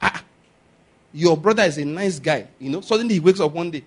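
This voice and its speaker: A man's voice: on the high side, lively intonation, a little fast, slightly rough. A man with a Nigerian accent preaching a sermon, repeating his points emphatically and chuckling often. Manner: emphatic, repetitive exhortation with frequent chuckles.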